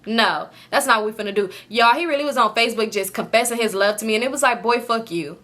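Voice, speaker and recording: A young woman, telling a story to her viewers in an animated, profane, casual way. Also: fairly high pitch, quick pace. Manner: animated, profane, quotes people in lively voices.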